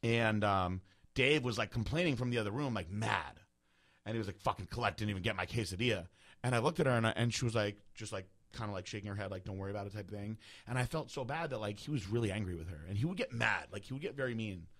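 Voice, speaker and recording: A young man hosting a podcast, telling a long story in a casual, animated way, swearing freely and acting out the people he quotes. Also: lowish voice, quick pace. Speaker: podcast host.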